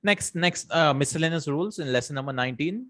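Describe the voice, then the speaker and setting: A man's voice: on the high side, expressive, quick pace, fairly bright tone. A man teaching an Arabic grammar lesson, explaining step by step, reading out example sentences and translating them, and often checking in with "right?" and "hmm?".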